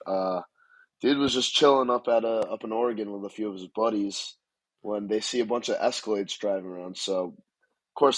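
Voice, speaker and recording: A man co-hosting a podcast, telling stories in relaxed casual chat with casual swearing. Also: lowish voice, husky, no room sound, rough recording. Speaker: podcast co-host.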